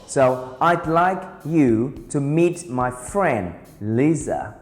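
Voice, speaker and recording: Slow, patient teacher. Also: male voice, mid-range voice, lively intonation. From Vietnam. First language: Vietnamese. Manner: slow, careful, repeats phrases for drilling. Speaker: English teacher. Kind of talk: beginner language lesson. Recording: roomy reverberant sound with soft guitar music.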